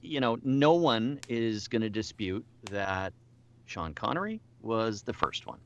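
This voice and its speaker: A man's voice: fairly low pitch, very animated, measured pace, a bit bright, muffled recording. A middle-aged man, a voice actor, chatting casually as an interview guest, with lots of restarts and self-deprecating asides.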